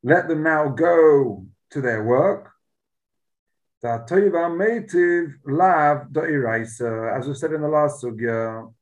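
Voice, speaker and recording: Guy giving a talmud class, kinda high voice, explains every line with punch. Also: takes it slowly, poor audio. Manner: explains Aramaic text line by line in English, emphatic. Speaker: Talmud teacher. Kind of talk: Talmud lesson.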